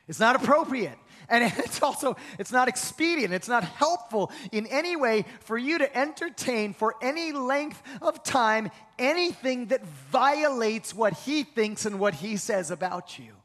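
A middle-aged man preaching a sermon as pastor, telling stories animatedly and sinking to a soft hush at times. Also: measured pace. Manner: animated storytelling with big pitch swings, dropping to a soft hush for comforting lines. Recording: long reverb of a large hall.

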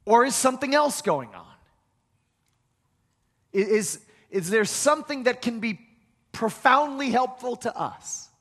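A man's voice: extremely high pitch, lively intonation, measured pace, long pauses, fairly bright tone. A man preaching a sermon, building to emphatic peaks and repeating key phrases. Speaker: pastor. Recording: long hall reverb.

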